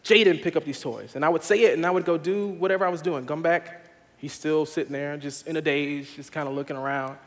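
Young man, pastor, sermon, slightly high voice, long church reverb. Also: fairly even intonation, fairly quick. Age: young adult. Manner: earnest preaching that builds to loud laughing storytelling.

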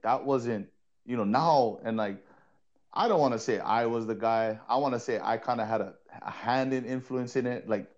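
A man from Hawaii, co-host and former player and coach, telling stories in an animated, laughing way and often repeating words. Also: mid-range voice, lo-fi sound. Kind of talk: casual storytelling in a podcast chat.

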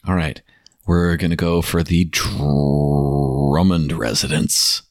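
A man's voice: extremely low pitch, steady tone, slow pace, dry recording, studio quality. A man co-hosting a prank-call podcast, chatting crudely and swearing freely. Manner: profane, laughing, swearing freely. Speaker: podcast co-host making prank calls. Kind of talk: crude casual chat.

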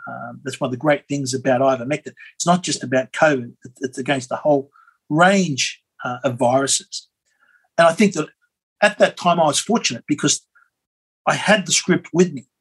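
An Australian man, a former member of parliament, telling a rambling, animated story as an interview guest, with many fillers and restarts. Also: a little high, normal speed, breathy edge, poor audio. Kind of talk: conversational storytelling.

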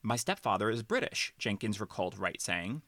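Male host, lowish bright voice, dry close mic; animated storyteller. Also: moderate pace, dry recording. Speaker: podcast host. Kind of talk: casual chat, reading quotes aloud.

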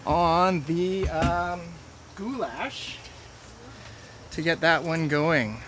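A man's voice: on the high side, expressive, drawn-out words, a bit bright, a little hiss or hum. A man chef teaching a live cooking class in a chatty, rambling way, with many fillers and restarts. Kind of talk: casual live cooking demonstration. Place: farm kitchen class with audience.

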